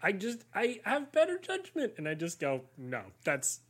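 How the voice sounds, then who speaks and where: A man's voice: very high-pitched, huge pitch swings, moderate pace, fairly bright tone, breathy edge. A man co-hosting a podcast, talking frankly and wryly and swearing freely. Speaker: podcast co-host. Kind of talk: candid podcast chat.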